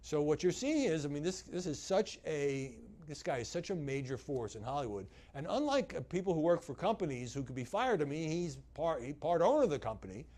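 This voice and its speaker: A man delivering news commentary as a media commentator, measured and analytical, with frequent "uh" fillers. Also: a little high, sing-song, a little mellow.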